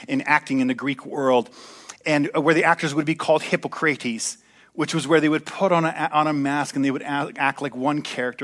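At a church service, a pastor delivers his sermon conversationally, slipping in joking asides. His male voice is a little high and a bit bright.

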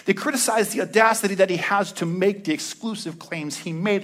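Man, pastor, casual sermon, high-pitched voice, slangy laid-back delivery. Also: a little fast, few pauses, fairly bright tone.

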